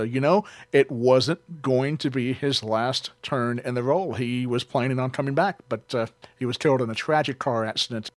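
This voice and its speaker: A man's voice: mid-range voice, no room sound. Guy rambling thru a home video review on web radio, lots of uh's, dry close sound. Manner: rambling and joking, with many "uh" fillers. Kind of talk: casual chatty review.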